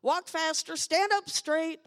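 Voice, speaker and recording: A woman's voice: very high voice, fairly even intonation, takes it slowly, long reverb tail, pitched above the performer's own voice. A woman preacher mimicking a nagging parent who insistently repeats orders to a child. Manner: insistent, repetitive.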